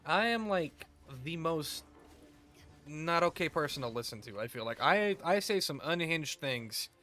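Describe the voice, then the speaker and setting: A man's voice: fairly high pitch, expressive, measured pace, sharp tone, faint music behind. Joking, foul-mouthed male streamer. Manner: crude, joking, rambling. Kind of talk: casual gameplay commentary.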